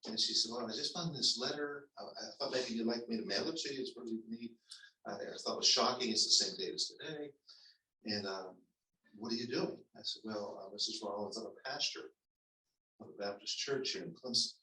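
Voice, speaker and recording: A man who is a pastor, telling a personal story to his congregation in a conversational, halting way with restarts. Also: mid-range voice, pushed and bright. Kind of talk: storytelling sermon. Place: church sanctuary. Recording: echoey church hall, mic at a distance.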